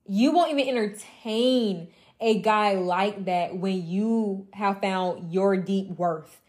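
Speaking slowly in a mellow, dark, middle-pitched voice, a young woman mentor urges other women on in a fiery motivational speech. She hammers her points through repetition, swears bluntly, and drifts into mocking asides.

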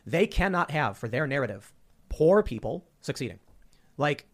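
A man from Chicago hosting a podcast, talking in a rapid, emphatic way and repeating words as he presses his points. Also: on the high side, sing-song. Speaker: podcast host. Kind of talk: casual chat.

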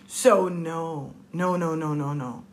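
A woman's voice: low voice, slow. A middle-aged woman telling a personal story in a casual monologue, blunt and profane, acting out the voices of the people she quotes.

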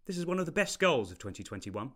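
A man's voice: medium pitch, sing-song, fast talker. A man hosts a podcast quiz over a video call, upbeat and wry, laughing between rules and scores. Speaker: quiz host.

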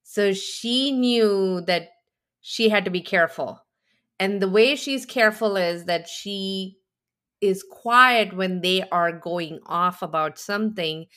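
A woman in casual podcast chat recapping a reality show, acting out the people she quotes with big, animated voices. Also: mid-range voice, takes it slowly. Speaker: podcast co-host.

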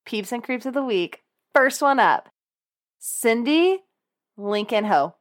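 A giggly woman co-host chatting casually on a podcast. Her pitch swings widely as she jokes and rambles. She sounds relaxed and playful. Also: takes it slowly. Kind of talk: casual chat.

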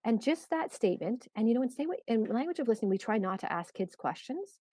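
Soft-voiced woman coaching parents. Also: on the high side, very animated, quick pace, no echo. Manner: gentle, explanatory, many fillers and restarts. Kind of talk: podcast interview.

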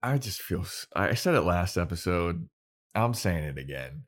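A man co-hosting a podcast, chatting casually and retelling scenes of a TV episode, slipping into quick character voices. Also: sits low, sing-song. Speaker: podcast co-host. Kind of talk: casual chat recapping a TV episode.

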